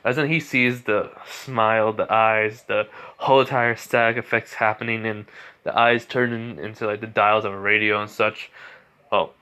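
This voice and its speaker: A man's voice: fairly low pitch, fairly even intonation, moderate pace, bright, forceful tone, clean tone. A young man improvising a fan story narration in a rambling way, full of restarts and fillers.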